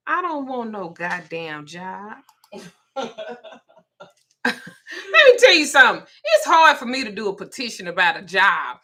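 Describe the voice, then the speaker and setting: Older woman host, casual chat; bright, blunt, cussing, quick to laugh. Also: mid-range voice. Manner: blunt, profane, laughing storyteller.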